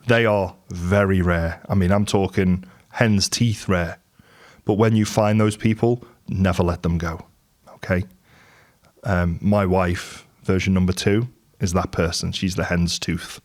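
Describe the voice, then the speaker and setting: A man's voice: on the low side, fairly even intonation, normal speed. A middle-aged man from England, giving a candid, conversational motivational talk about business and telling stories from his life. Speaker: business and property coach.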